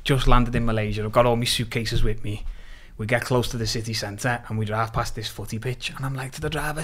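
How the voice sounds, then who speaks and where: Young Liverpool lad, podcast guest, chatty storyteller, slangy and animated. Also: male voice, medium pitch, quick pace, hardly any pauses. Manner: animated, laughing, swears freely, slangy. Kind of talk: casual storytelling chat.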